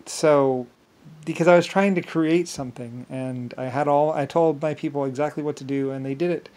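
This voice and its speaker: A man telling a rambling, boastful story, halting often with fillers and restarts. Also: a little high, fairly even intonation, a little mellow. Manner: boastful, grandiose. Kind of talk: rambling monologue.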